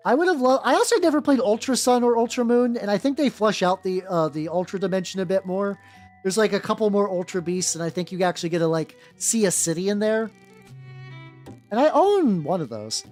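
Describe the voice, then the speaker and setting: A young adult woman streams as a VTuber, casually chatting while she paints miniatures, rambling, swearing freely and leaning heavily on "like." Her mid-range voice is lively in intonation, fairly quick and a little mellow. Faint music plays in the background.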